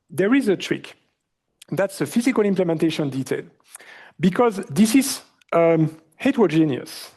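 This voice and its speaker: A university lecturer with a high voice and a French accent addresses his class in a lecture hall. He keeps the lecture lively, frequently poses questions to the students, and fills his speech with many fillers.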